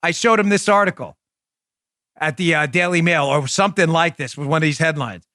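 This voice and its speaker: High-pitched emphatic male podcast host. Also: fairly quick, bright, forceful tone, no room sound, studio quality. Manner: emphatic, sarcastic, puts on voices for others. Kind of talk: animated political commentary.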